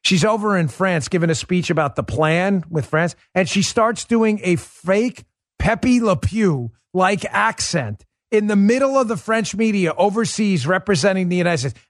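A man's voice: high voice, expressive, measured pace, no room sound, clean studio sound. A man hosting a political talk show, giving opinionated commentary with emphatic, sarcastic rhetorical questions.

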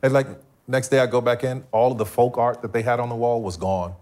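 A man's voice: medium pitch, fairly quick, darkish tone. Middle-aged male guest telling a dramatic personal testimony with voiced-out dialogue. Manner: storytelling, acts out quoted dialogue. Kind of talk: personal testimony in a faith talk.

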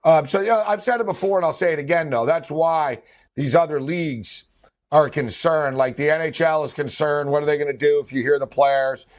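A man co-hosting a casual sports talk show, with a slightly raised pitch. He rambles through his points, leaning on fillers and laughing often. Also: a little fast. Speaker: sports podcast co-host.

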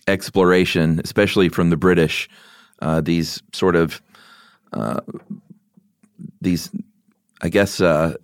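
A man with a very deep, smooth, resonant voice, co-hosting a podcast. He talks in an easygoing, self-deprecating way, with plenty of hesitant fillers. The recording is close and dry. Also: no room sound. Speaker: podcast co-host. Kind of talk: casual podcast chat.

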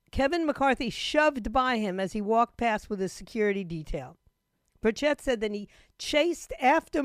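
A woman hosting a talk radio show with a scratchy throat, retelling news in an animated way with laughing asides. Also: fairly high pitch, smooth, no room sound, clean studio sound.

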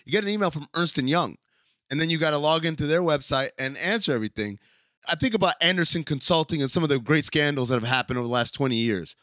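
A man co-hosting a podcast, animated and sarcastic as he acts out little scenes. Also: a little high, fast talker, no echo. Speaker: podcast co-host. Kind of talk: casual podcast chat.

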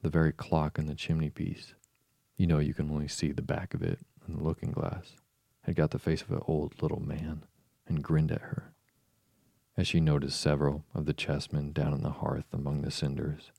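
A man narrating a storybook audiobook in a steady, measured reading. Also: rumbling low, gravelly, dry recording.

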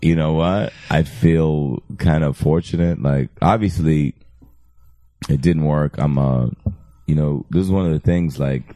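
A man's voice: extremely low pitch, steady tone, measured pace, dark tone, no echo. A man in casual chat, speaking in a laid-back, reflective way.

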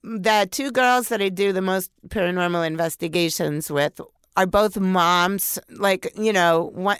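A middle-aged woman who is a podcast guest, telling a story in a casual, animated way and swearing freely. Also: lowish voice, measured pace, smooth, no echo, clean studio sound. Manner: animated, profane, acts out her inner voices. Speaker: podcast guest, paranormal investigator.

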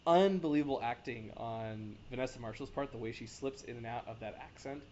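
A man's voice: medium pitch, mellow. Eager man, stumbling restarts. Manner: enthusiastic, halting with many restarts. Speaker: podcast co-host. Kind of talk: casual chat. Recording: dull lo-fi sound with faint noise.

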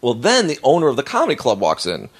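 A male stand-up comic on a podcast, telling a story that rambles and swears freely. He keeps restarting his sentences and padding them with fillers. His voice sits at an ordinary middle pitch. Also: wildly swooping pitch, fast, husky. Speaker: stand-up comedian and podcast co-host. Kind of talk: casual storytelling.

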